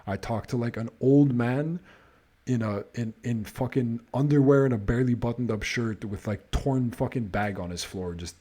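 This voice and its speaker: Warm in tone and mid-range in pitch, a male podcast host speaks at a moderate pace. His casual story is thick with swearing, and he sounds fed up as he starts his sentences over.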